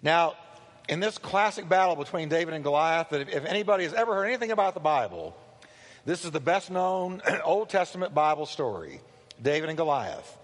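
A male pastor preaching a sermon, telling the story with animated delivery and acting out the quotes. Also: a little high, fairly quick. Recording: long hall reverb.

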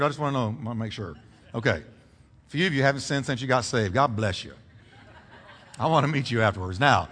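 A man preaching a sermon as pastor, animated, drawing call-and-response from the congregation. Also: fairly high pitch. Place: church sanctuary. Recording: reverberant church hall.

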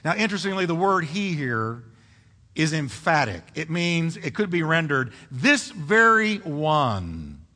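A man preaching a sermon in a church, dramatic and emphatic, building to loud peaks and asking the congregation questions. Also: a little high, expressive, moderate pace, in a large hall.

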